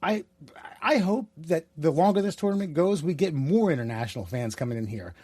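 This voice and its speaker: A man from the United States co-hosting a podcast in casual chat, rambling and profane, with sudden excited jumps in his voice. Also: a little high, a little fast, breathy edge, no echo. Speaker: podcast co-host.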